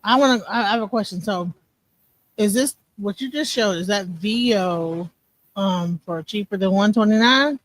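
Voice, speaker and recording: A woman's voice: mid-range voice, normal speed, rough recording. A woman in a casual podcast chat, asking many questions. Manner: inquisitive, asks many questions.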